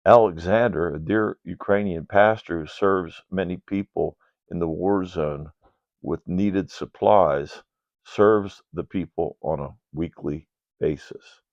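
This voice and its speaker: Older male ministry leader, deep voice, gravelly, reads an earnest donor report, lo-fi. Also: slow pace, a little mellow, dry recording. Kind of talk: read-aloud ministry report. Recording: dull, dry lo-fi sound.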